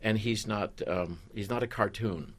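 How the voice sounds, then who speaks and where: Deep husky man, wry. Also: unhurried. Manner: good-humored, wry. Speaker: stage actor guest. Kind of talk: casual interview chat.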